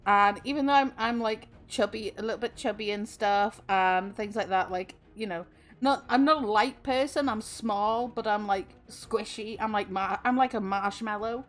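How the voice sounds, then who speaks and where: A woman's voice: mid-range voice, normal speed. A Welsh woman in her twenties chatting on a stream, chatty and giggly with lots of fillers. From Wales. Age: 20s. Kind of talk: casual chat.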